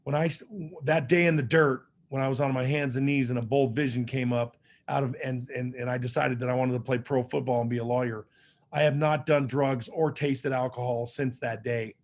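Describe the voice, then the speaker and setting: A man's voice: medium pitch, steady tone, a little fast. Casting note: middle-aged man, mid-range voice, earnest motivational storyteller, loose and conversational. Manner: earnest, conversational, frequent fillers and restarts. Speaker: motivational speaker. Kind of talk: personal storytelling speech.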